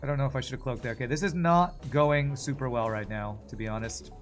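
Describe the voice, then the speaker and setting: A man's voice: medium pitch, quick pace. Casual gaming streamer man, faint music. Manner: casual, chatty, swears and laughs easily. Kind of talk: live gameplay commentary.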